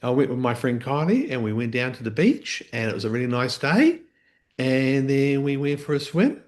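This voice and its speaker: A man's voice: mid-range voice, big pitch swings, normal speed, pitched above the performer's own voice, natural voice. A man doing a chatty Australian beachgoer. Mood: breezy. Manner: voice lifts at the end of every sentence. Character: chatty beachgoer with rising sentence ends.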